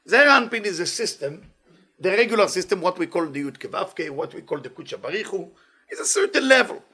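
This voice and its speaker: A man gives a weekly Kabbalah lesson in a high, bright, sharp voice. He speaks full of Hebrew phrases. He keeps asking and repeating questions with animated energy. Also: a little fast, slightly rough. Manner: mixes Hebrew phrases into English. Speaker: Kabbalah teacher.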